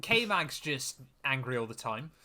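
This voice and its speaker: A young man co-hosting a podcast, talking in a lively, self-deprecating way with quick asides. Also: medium pitch. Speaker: podcast co-host. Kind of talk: casual chat.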